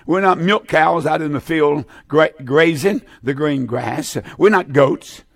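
A gravelly male radio preacher with a slightly raised pitch delivers an emphatic sermon, hammering home repeated phrases. The sound is dry and close, with no room around the voice. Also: unhurried, no room sound. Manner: repetitive, emphatic preaching with frequent restarts. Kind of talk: broadcast sermon with call-in number.

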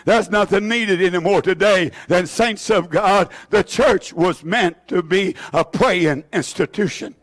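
Preacher, older man, high-pitched, hallelujah-shouting, shifts between loud and hushed. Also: unhurried, few pauses. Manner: fiery, swings from shouts to hushed low lines; exclaims hallelujah often. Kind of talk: sermon.

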